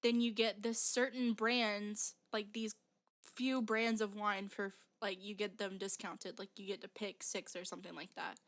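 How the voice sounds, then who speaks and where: A woman's voice: mid-range voice, flat delivery, normal speed, fairly bright tone. A young woman telling a story as a podcast co-host, rambling and full of "like" fillers. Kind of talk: casual chat.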